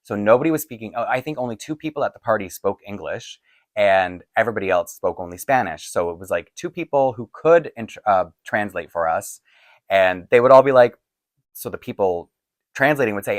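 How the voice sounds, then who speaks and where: Man, low voice, rambling casual talk, frequent laughs, tired voice, dry room. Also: animated, quick pace, no echo. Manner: chatty, rambling, laughs often, frequent restarts. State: voice getting tired. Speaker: doll collecting channel host. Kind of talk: casual Q&A chat to camera. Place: home filming set-up.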